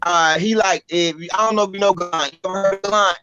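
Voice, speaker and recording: A Southern woman spins a story in a bright, forceful voice, blunt and animated, with salty language. The audio is dry and dull, like a lo-fi podcast mic close up. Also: mid-range voice, fast talker, clean tone, no echo, faint music behind. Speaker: spoken word poet, guest. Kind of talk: casual storytelling. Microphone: podcast microphone.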